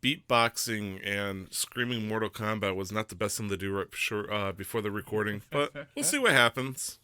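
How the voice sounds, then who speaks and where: Bright, crisp-voiced joking man. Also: fairly low pitch, lively intonation, moderate pace, no echo, studio quality. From Michigan. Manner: joking, laughing easily. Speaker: podcast host. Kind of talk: casual chat.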